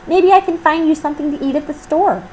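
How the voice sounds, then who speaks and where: A woman voicing a cheerful, literal-minded young maid in a storybook reading, bright and earnest. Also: high voice, quick pace, a little hiss or hum, voice pushed up, close to an everyday voice, poor audio. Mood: chirpy.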